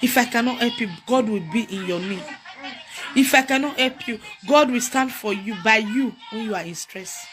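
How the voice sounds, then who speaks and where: A woman's voice: on the high side, normal speed, fairly bright tone. A young Nigerian woman with a Nigerian accent, crying as she makes a repetitive, pleading appeal for help. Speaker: vlogger. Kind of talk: emotional plea to camera. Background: music.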